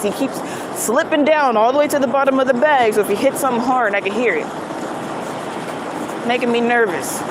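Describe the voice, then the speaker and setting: A young woman, talking casually and animatedly on a live stream while walking around outdoors. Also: on the high side. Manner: chatty, animated, spiritual talk, swings to loud excitement. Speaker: livestreamer. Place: outdoors in a city, walking with bags. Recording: outdoor street noise behind.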